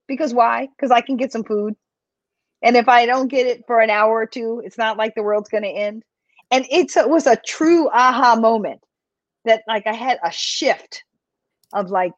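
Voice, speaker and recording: A woman health coach talking in a live podcast interview, telling her story in a chatty, animated way. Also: fairly high pitch, normal speed, no echo. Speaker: health coach and business owner. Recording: dry, dull lo-fi sound.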